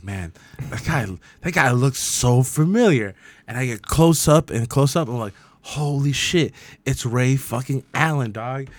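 A man's voice: medium pitch, no echo. Chatty young man. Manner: animated anecdote-telling with slang and swearing. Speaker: podcast co-host. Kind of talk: casual chat, storytelling.

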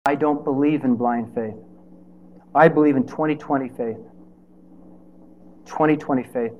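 A man's voice: medium pitch, steady tone, unhurried, highs cut off. A man preaching a sermon in a conversational way, with rhetorical questions and playful asides.

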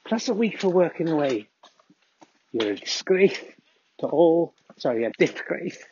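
A man's voice: a little high, sing-song, measured pace, darkish tone, dull audio, slight background noise, voice pushed up. A man voicing a grumpy middle-aged Welsh listener who scolds and whines in a Welsh accent. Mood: indignant. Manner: indignant, scolding, rising whine.

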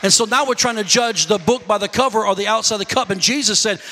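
A man's voice: sits high, quick pace, hardly any pauses, sharp tone, in a large hall, slight background noise. A man preaching a sermon, telling stories animatedly and calling out to his congregation. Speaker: pastor.

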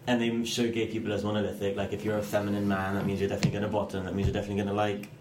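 A man co-hosting a podcast in casual chat, speaking in a measured, thoughtful way and raising questions. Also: on the low side, completely flat delivery, background noise. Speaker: podcast co-host.

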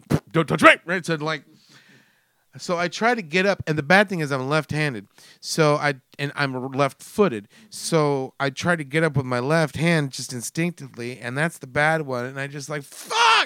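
Man, forties, smooth resonant voice, swearing storyteller, dry close sound. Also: a little high, no echo. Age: 40s. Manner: profane, animated storyteller acting out his own mishap. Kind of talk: casual storytelling chat.

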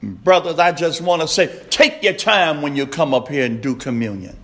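A man preaching a sermon, slow and emphatic, repeating his refrains and rising to shouts. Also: fairly high pitch.

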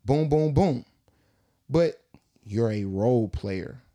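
A man co-hosting a podcast in casual chat, telling animated, slangy stories. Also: medium pitch, takes it slowly. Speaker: podcast co-host.

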